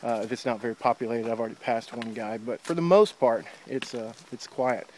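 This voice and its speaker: A man's voice: mid-range voice, brisk, a little mellow, a little hiss or hum. A man filming himself while hiking outdoors on a wooded trail, talking casually with lots of uh and um, a little out of breath. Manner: rambling, many fillers like uh and um. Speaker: hiker filming his trip. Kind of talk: casual walking vlog. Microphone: handheld camera while walking.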